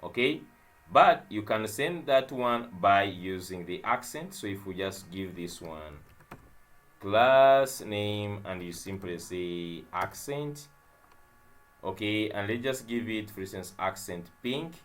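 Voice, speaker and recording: A man's voice: lowish voice, animated, slow, a bit bright. A young man teaching web development in a coding tutorial, narrating as he types and thinking aloud with fillers and repeated phrases. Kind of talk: screen-share coding tutorial.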